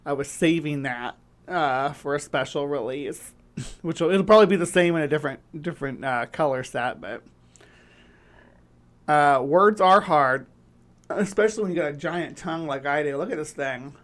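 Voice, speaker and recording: A woman's voice: sits low, normal speed. A woman hosting a casual livestream chat, rambling and restarting her sentences with lots of fillers. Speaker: livestream host.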